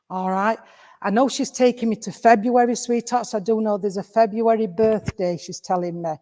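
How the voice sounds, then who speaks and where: A woman's voice: medium pitch, fairly even intonation, normal speed, dark tone. Chatty English woman medium in a reverberant hall. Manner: chatty, affectionate, calls listener sweetheart and darling. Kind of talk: mediumship demonstration addressing an audience member. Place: village hall.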